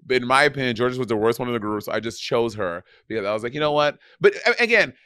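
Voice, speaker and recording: A man's voice: mid-range voice, lively intonation, fast, bright, forceful tone, smooth, no room sound. Chatty male podcast co-host, dry sound. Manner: rambling, many restarts and fillers. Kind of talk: casual chat.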